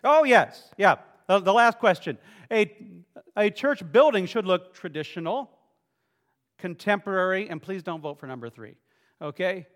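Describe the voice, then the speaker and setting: A man's voice: sits high, lively intonation, normal speed, a bit bright, long reverb tail. A man preaching a sermon in a church, joking playfully with his congregation as he leads a show-of-hands vote. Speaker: pastor. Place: church sanctuary.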